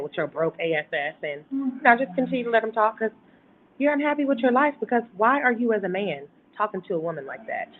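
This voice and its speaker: A woman tells her story earnestly and with emphasis, as an interview guest calling in. Her voice comes through a thin, phone-like line. A faint hiss sits behind her. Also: medium pitch. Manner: earnest and emphatic, retelling events at length. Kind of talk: personal testimony in a talk interview.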